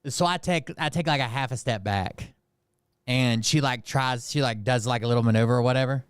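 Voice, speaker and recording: A man's voice: medium pitch, a little fast, clear, resonant tone, dry recording, studio quality. A man casually retelling a heated run-in with lots of swearing and filler words. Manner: profane, rambling, heated retelling full of fillers. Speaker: channel host. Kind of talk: casual storytelling.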